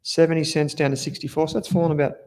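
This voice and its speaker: His voice racing yet steady, a little mellow and on the high side, an Australian man runs an informal investing livestream. As an investment analyst, he reads viewer comments and talks chattily, drifting off topic, using slang and fixing his own words as he goes.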